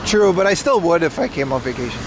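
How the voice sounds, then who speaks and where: Brief: young male street streamer, raised pitch, bro-ish profane banter, light traffic noise. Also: sing-song, quick pace. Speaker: livestream host. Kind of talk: casual live-stream chat. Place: outdoors on a city street. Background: faint street and traffic noise.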